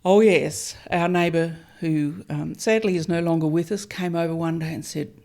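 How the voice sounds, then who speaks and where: Deep and a little mellow, this middle-aged Melbourne woman talks at a moderate pace. She's a winemaker being interviewed as a guest, replying chattily with self-deprecation and slight hesitations.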